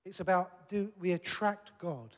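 A man's voice: high-pitched, measured pace, a bit bright. A man preaching a sermon in an earnest, conversational way that builds to emphatic peaks. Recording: long hall reverb.

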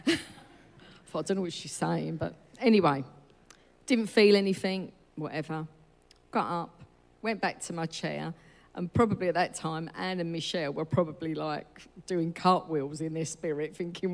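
A woman's voice: on the low side, measured pace, vocal fry. A woman giving a personal testimony in a church, telling her story in a rambling, chatty way and correcting herself as she goes. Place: church hall. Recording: reverberant church hall.

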